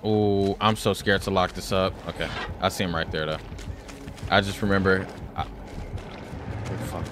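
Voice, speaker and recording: A deep-voiced man streams a game at an unhurried, steady pace over a noisy background. His gaming commentary is casual, and he tells stories loosely, swears a lot, and calls everyone "bro."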